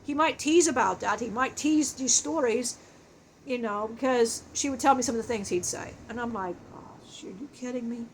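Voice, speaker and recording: A woman telling an emotional spiritual life story in a halting way, often breaking off and restarting her sentences. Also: a little high, slight background noise, low-quality recording. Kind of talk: channeled personal storytelling.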